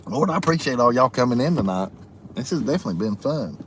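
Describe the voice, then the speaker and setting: Expressive and fast-talking, this man with a mid-range voice hosts a live stream and reads chat comments aloud in a folksy style, laughing often. A little hiss or hum can be heard in the casual session.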